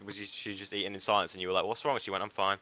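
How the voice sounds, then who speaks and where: A young man, co-hosting a casual podcast and teasing the host with quick remarks. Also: sits low, flat delivery, bright, forceful tone, no room sound. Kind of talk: casual chat.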